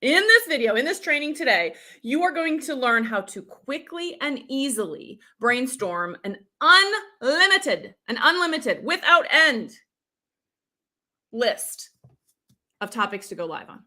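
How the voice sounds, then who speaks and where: A woman's voice: sits high, very animated, unhurried, sharp tone. A woman coach running a live-streamed workshop, upbeat, talking straight to viewers and reading out their comments. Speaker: business coach.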